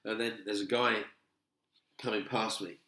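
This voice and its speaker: A middle-aged comedian chatting casually, telling animated stories and acting out the people in them. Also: male voice, lowish voice, unhurried. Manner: animated storyteller, acts out voices. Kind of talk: casual chat. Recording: roomy echo.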